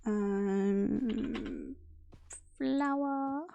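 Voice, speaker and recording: A woman's voice: a little high, extremely slow, vocal fry, mellow, lo-fi sound, a little hiss or hum. A young adult woman streaming a game, chatting casually, muttering to herself and scolding the game's animals. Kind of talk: casual gameplay chat.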